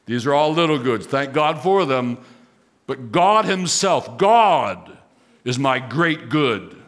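A man's voice: mid-range voice, expressive, slow pace, fairly bright tone. A male pastor preaching a sermon, emphatic, repeating key phrases and rising sharply on exclamations.

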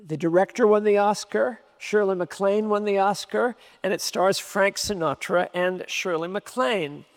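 A man's voice: high-pitched, moderate pace. A man preaching a sermon, emphatic, repeating key phrases for stress. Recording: long hall reverb.

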